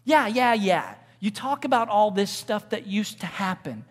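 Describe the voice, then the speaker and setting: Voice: mid-range voice, very animated, measured pace. A preacher voicing a frightened, doubting young farmer who pleads and questions in disbelief. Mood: exasperated. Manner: incredulous, pleading.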